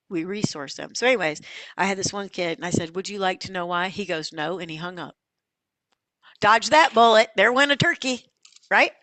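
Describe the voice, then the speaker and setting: A woman coach teaches an online class in a folksy, animated way, moving from stories to asides. Her voice sits fairly low for a woman. The sound is dry and close, with no room around it. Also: no room sound. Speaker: leadership coach and instructor. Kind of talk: lively webinar teaching.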